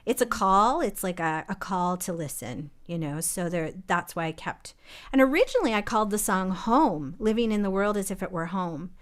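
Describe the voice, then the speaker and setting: A woman's voice: mid-range voice, animated, normal speed. A woman composer in a casual live-streamed chat, reflectively talking through how she wrote a song. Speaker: composer and co-artistic director. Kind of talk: casual conversation about songwriting.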